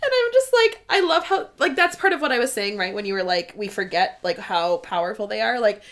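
A woman's voice: medium pitch, expressive, brisk, a bit bright. A woman co-hosting a casual book chat, gushing and giggly, with lots of "like" in her speech. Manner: gushing and giggly, heavy "like" fillers. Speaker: podcast co-host.

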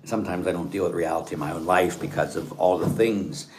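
A man, a Catholic priest, giving an informal spiritual talk in an earnest, conversational way, often sinking to a hushed voice. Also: sits low, fast talker, a little hiss or hum. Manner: earnest and conversational, dropping to a hushed tone in reflective passages.

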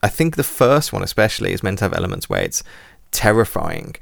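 A man's voice: on the low side, wildly swooping pitch, fairly quick, gravelly, dry recording, clean studio sound. A man chatting casually about old horror films, rambling with lots of fillers and restarts. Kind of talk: casual film podcast chat.

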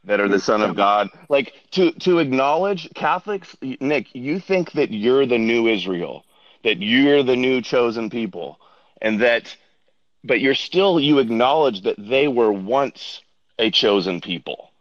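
A man's voice: medium pitch, lively intonation, a little slow, no echo. Guy out of breath walking outside, pushy and argumentative, muffled lo-fi audio, dry. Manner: insistent, argumentative. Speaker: debate guest. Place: outdoors, walking.

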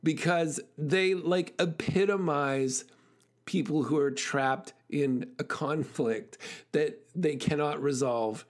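Animated man giving a motivational talk. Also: fairly high pitch. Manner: animated storyteller, fast bursts, frequent fillers. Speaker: speaker.

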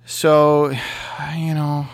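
A man with a fairly high, gravelly voice talks through a comedic monologue in a dry, halting way, stopping and restarting often. His voice is smooth and resonant, and the sound is close and dry. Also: little pitch movement, dry recording. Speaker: vlogger answering a magazine quiz.

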